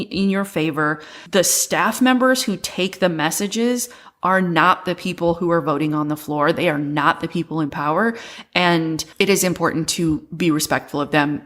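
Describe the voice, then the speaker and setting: A woman co-hosting a podcast, explaining a simple process step by step in a plain, practical way. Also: lowish voice. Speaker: podcast co-host. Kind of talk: casual chat.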